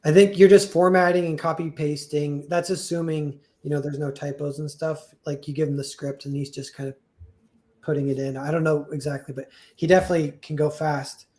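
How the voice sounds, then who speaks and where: A man's voice: a little high, flat delivery, fairly quick, a little mellow. A young man chatting on a livestream, rambling with lots of "like" and restarts, chuckling as he talks. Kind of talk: casual livestream chat.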